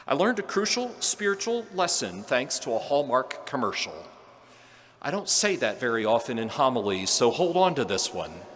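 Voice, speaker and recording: Priest preaching in an echoing church. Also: male voice, fairly high pitch. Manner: storytelling, gentle and earnest with quiet humor. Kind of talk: homily. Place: large church. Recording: long church reverb.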